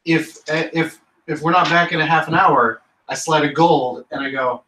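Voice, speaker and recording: A man's voice: a little high, moderate pace, hardly any pauses, bright, forceful tone. A man playing a tabletop role-playing game, playfully describing his character's actions. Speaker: player. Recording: far from mic in an echoey room.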